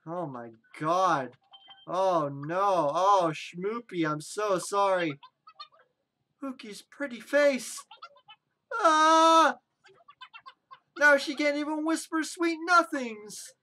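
A woman's voice: mid-range voice, very slow, long pauses. A young woman giving joking, dramatic let's-play commentary on a video game. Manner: excitable, joking, dramatic reactions.

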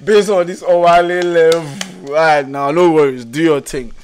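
A man's voice: fairly high pitch, steady tone, normal speed, a little mellow. Hyped slangy young man reacting to a song. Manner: slangy and hyped, calls listeners "blood" and "broski". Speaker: music reaction channel host. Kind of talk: casual reaction commentary. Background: song playing faintly.

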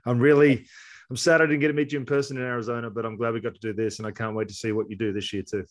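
A man's voice: mid-range voice, flat delivery, racing. A man with an Australian accent co-hosting a podcast, bantering and teasing in casual chat. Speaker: podcast co-host.

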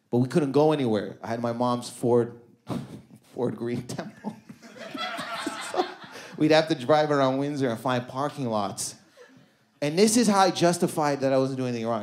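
A man's voice: medium pitch, animated, darkish tone. Male stand-up telling stories to a crowd. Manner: loose, conversational storytelling with quick asides to the crowd. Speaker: stand-up comedian. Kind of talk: stand-up comedy set. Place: comedy club stage before a live audience.

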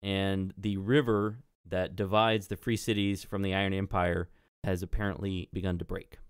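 Relaxed male game master, dry close sound. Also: low voice, moderate pace, clean tone, dry recording. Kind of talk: casual tabletop play.

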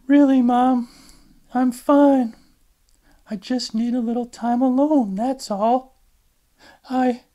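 A man voicing a weary young woman who is drained and exasperated, speaking in a strained falsetto. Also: fairly even intonation, slow pace, long pauses, warm tone.

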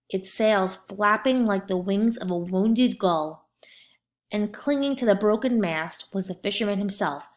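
Woman, storybook narrator, read-aloud, expressive, steady, mid-pitched.

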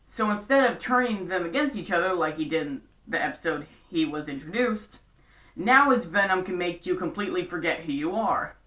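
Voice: medium pitch, animated, fairly quick, sharp tone. A casual show recap vlogger, chatty and throwing in sarcastic asides. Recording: roomy echo, distant from mic.

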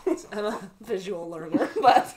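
A woman's voice: mid-range voice, expressive, measured pace, a crowd in the background. Giggly, rambling young woman guest. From Canada. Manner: giggly, rambling, many filler words. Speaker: podcast guest. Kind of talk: casual conversation.

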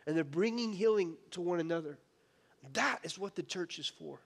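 A man's voice: high voice, moderate pace, creaky. A man preaching a sermon as pastor, impassioned and conversational, with frequent restarts. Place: church sanctuary. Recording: church hall reverb.

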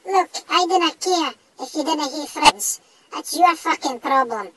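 A man voicing a small, cocky, foul-mouthed male dog with a northeast Scottish accent, speaking in a high squeaky voice. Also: normal speed, bright, forceful tone, a little hiss or hum, rough recording. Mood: defiant. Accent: Scottish (northeast, Doric). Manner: sweary, blustering tough talk.

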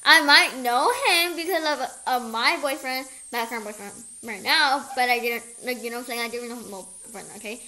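Woman ranting through a storytime vlog, kinda high voice, swears nonstop, repeats stuff. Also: normal speed, hardly any pauses, poor audio. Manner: profane, animated, repetitive retelling. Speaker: storyteller vlogger.

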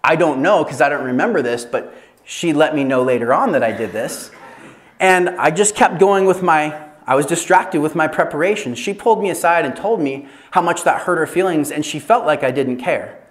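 A man preaching a sermon as a pastor, telling animated stories with laughter and self-deprecating asides. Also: fairly high pitch, normal speed. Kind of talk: sermon at an evangelism training.

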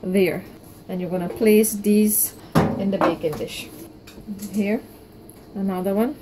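A woman's voice: mid-range voice, steady tone, slow pace, background noise. A woman presenting a home baking tutorial, walking the viewer through each step with encouraging promises. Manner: warm step-by-step instructions with reassuring promises. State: out of breath from kneading. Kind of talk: cooking tutorial narration.

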